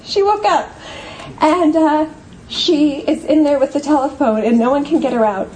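A woman's voice: high-pitched, normal speed, darkish tone, a little hiss or hum, rough recording. A woman giving a heartfelt, earnest speech, telling a personal story with repeated phrases. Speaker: guest speaker.

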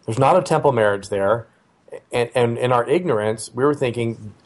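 Here a middle-aged man, who is a father, tells a family story from his own life at a medium pitch. He keeps it loose and conversational, frequently stopping on fillers and beginning his sentences again.

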